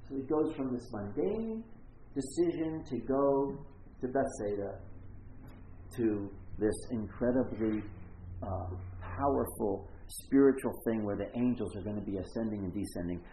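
A man preaching a conversational sermon as pastor, acting out the characters' lines in quick voices. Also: mid-range voice, dark tone, reverberant, slight background noise, low-quality recording.

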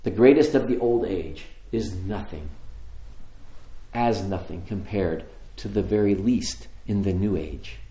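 A man giving a sermon, telling a story with pauses and shifting emphasis. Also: deep voice, warm tone. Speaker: preacher. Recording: roomy echo.

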